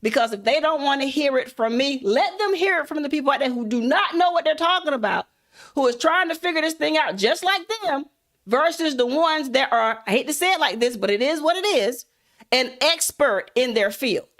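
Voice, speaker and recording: A woman's voice: sits high, animated, a little fast, a bit bright. A woman giving a motivational talk through a folksy, casual story, speaking straight to her listeners. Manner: folksy, addresses listeners as y'all. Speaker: content creator, motivational speaker.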